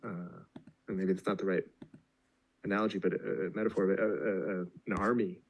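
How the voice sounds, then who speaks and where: A man in a reflective group discussion, speaking slowly and hesitantly with long pauses mid-sentence. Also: sits low, flat delivery, slight background noise, rough recording.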